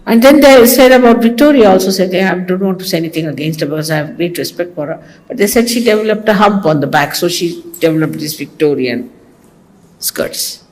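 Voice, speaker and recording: An older woman with an Indian accent, a spiritual teacher giving an informal talk full of rambling stories, asides and gentle mockery, heard in an archival recording. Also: fairly low pitch, lively intonation, brisk, poor audio.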